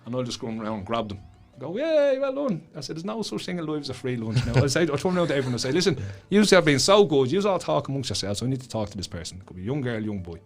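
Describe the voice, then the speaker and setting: Racing along with few pauses, a man with a mid-range voice and a Dublin Irish accent tells animated stories as a podcast guest in a studio. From Ireland, he's an author and school speaker, and his casual chat is blunt and full of swearing.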